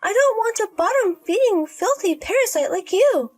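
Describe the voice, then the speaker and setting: A woman voicing a shrill, spiteful sister-in-law. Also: lively intonation, normal speed. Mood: scornful. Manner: scornful, yelling insults.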